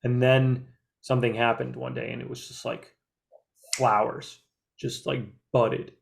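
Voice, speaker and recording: A man's voice: medium pitch, level tone, a little slow, gravelly. A man in casual group chat, talking in an earnest, meandering way with many filler words. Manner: earnest, reflective. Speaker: group discussion member.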